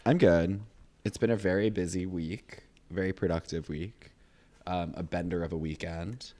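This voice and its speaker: A man co-hosting a podcast, upbeat and chatty with quick quips. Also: sits low, fairly even intonation, warm tone. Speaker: podcast co-host. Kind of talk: casual chat.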